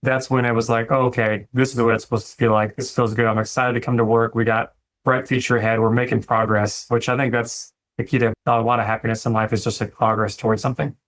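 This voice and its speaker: A man, a dentist talking through running his practice in a relaxed, reflective way and acting out conversations with his staff. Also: mid-range voice, quick pace. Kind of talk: casual interview talk.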